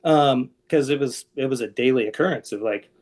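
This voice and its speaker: Speaking fairly quickly in a mid-range voice, a middle-aged man from around Seattle is interviewed on a podcast. He is candid about his past, joking at his own expense and adding lively asides.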